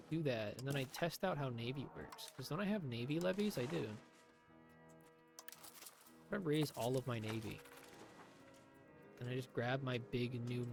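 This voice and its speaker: A man's voice: medium pitch, gravelly. A man doing live commentary on his own strategy game, talking to himself in a sarcastic, swearing way. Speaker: streamer.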